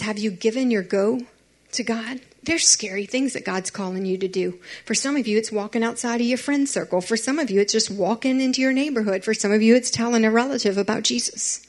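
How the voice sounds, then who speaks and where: A young woman, giving a chatty, animated youth sermon and talking straight to teenagers. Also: on the high side. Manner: chatty and animated, addressing teens directly.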